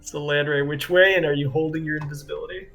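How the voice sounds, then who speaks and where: A man's voice: a little high, fairly even intonation, fast talker, vocal fry, fairly bright tone, faint music behind. A man running a tabletop game as game master, talking loosely and conversationally with lots of fillers.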